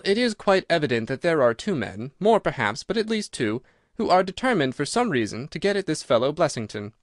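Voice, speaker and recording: A man voicing a sharp, assured detective who explains his reasoning in clipped, crisp sentences. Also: mid-range voice, dry recording, clean studio sound, close to an everyday voice. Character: sharp, cool male detective, brisk and assured.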